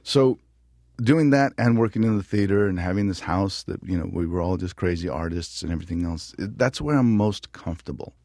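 Middle-aged male actor, low voice, lively anecdotes, dry studio sound. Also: a little fast, no echo. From New Mexico. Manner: animated storyteller, acts out voices. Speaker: actor guest. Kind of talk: interview conversation.

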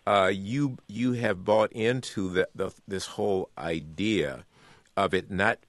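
Earnest low-voiced man, dry studio. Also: takes it slowly, no echo. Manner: earnest, repeats words while building a point. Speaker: author and guest. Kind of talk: radio interview.

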